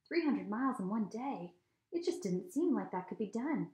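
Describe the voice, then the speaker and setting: A woman's voice: on the high side, normal speed. Woman reading a children's novel aloud. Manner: steady, expressive storytelling. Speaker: reader. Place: home. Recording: echoey room.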